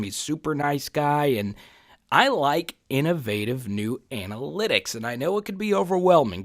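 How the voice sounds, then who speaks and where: A man hosting a college football channel, talking with excitable, hype-driven energy and jokes. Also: on the high side. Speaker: sports channel host. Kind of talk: energetic sports commentary vlog.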